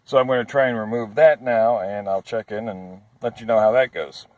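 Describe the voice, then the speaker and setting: A man's voice: lowish voice, fairly even intonation, a little fast, dry recording, low-quality recording. A man talking through a car repair as he works, thinking aloud, hesitant and careful with his warnings, recording from inside the car. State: out of breath. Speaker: DIY car repair vlogger. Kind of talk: casual how-to narration while working.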